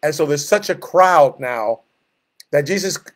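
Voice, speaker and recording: A man teaching a Bible study, reading scripture aloud and explaining it with animated asides and acted-out groans. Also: fairly high pitch, normal speed.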